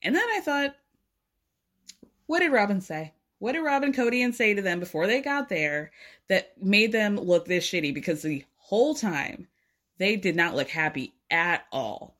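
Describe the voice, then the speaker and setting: A woman's voice: medium pitch, animated, moderate pace, fairly bright tone. A woman recapping a reality show in casual chat, sarcastic and swearing freely. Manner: sarcastic, swears freely, laughs between lines. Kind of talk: casual recap, snarky commentary.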